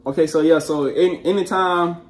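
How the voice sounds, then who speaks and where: A young man talking as a guest in casual chat, halting and slangy. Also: a little high, fairly even intonation, echoey room. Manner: halting, many fillers and restarts, slangy. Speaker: guest, navy sailor.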